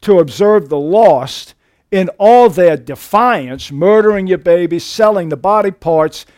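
Man, pastor, high voice, dry close sound, emphatic sermon delivery. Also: expressive, unhurried, a little mellow, no echo. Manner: emphatic preaching that rises sharply in pitch for emphasis.

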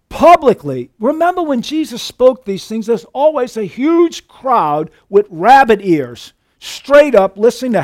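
A man preaching a sermon to a church congregation, emphatic, swinging between loud outbursts and hushed asides. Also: high-pitched, no room sound, studio quality. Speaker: pastor. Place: church sanctuary.

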